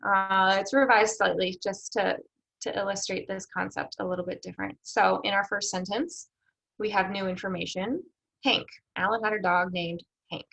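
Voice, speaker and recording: Creaky-voiced woman teaching writing. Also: mid-range voice, steady tone, normal speed, a bit bright, poor audio. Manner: explanatory, rhetorical questions, frequent fillers. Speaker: research development instructor. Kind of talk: recorded lecture on proposal editing.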